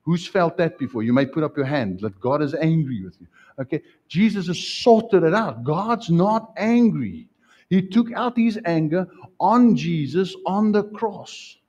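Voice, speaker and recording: Brief: male pastor, animated sermon, husky tone, muffled church recording. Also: a little high, unhurried. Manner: animated, acts out scenes, rhetorical questions.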